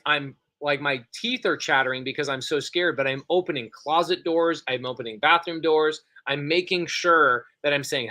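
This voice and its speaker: Excitable man telling a story, bright voice. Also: on the high side. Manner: excitable, rapid and repetitive. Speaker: podcast co-host. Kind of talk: animated storytelling.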